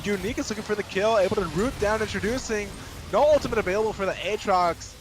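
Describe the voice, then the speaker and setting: A man's voice: high-pitched, fast, noisy background. A man doing play-by-play commentary on an esports match, speeding up when fights break out. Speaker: esports caster.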